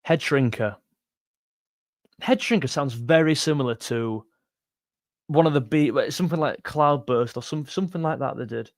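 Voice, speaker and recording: This young man hosts a casual music livestream, reading comments aloud in a jokey tone and calling everyone mate. His mid-range voice moves at a moderate pace with frequent pauses. The audio is dry and clean, studio grade.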